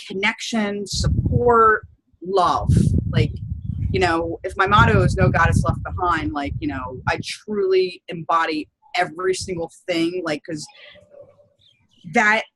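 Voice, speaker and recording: A woman's voice: medium pitch, a bit bright, no room sound, rough recording. A woman teacher in casual chat, talking in a chatty, laughing and blunt way with frequent swearing.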